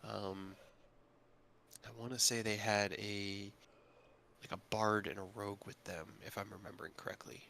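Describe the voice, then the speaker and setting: Bright-voiced game master man. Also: lowish voice, level tone, normal speed, gravelly, a little hiss or hum. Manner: casual, rambling with fillers. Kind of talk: narrating a tabletop game.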